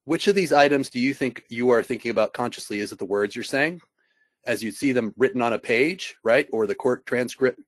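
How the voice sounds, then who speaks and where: A man of ordinary pitch talks as a panelist in a business webinar, keeping it conversational and putting rhetorical questions to his listeners. His voice comes through dry and close over a video call. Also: fairly quick, dry recording.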